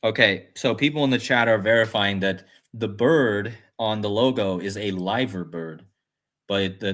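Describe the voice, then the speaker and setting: A man's voice: lowish voice, moderate pace, fairly bright tone. A man hosting a casual livestream, rambling and musing aloud as he reads chat comments. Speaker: livestream host.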